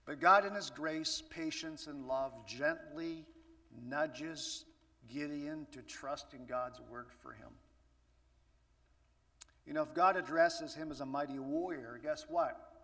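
Male preacher, bright voice in an echoey hall. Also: on the high side, animated, takes it slowly, vocal fry, distant mic. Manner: conversational, asks the audience rhetorical questions. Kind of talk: sermon.

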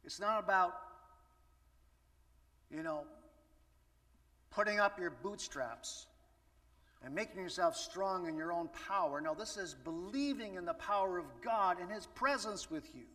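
Preacher, man, bright voice, chatty with rhetorical questions, heard from afar. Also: high voice, expressive, a little slow, long pauses. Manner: conversational, asks the audience rhetorical questions. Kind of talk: sermon. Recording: echoey hall from far off.

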